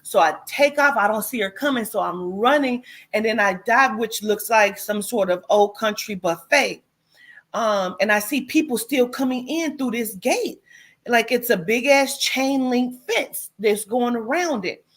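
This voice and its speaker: Animated woman telling a dream story. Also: on the high side, a little slow. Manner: animated, profane, acts out quotes. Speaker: host. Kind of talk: casual storytelling.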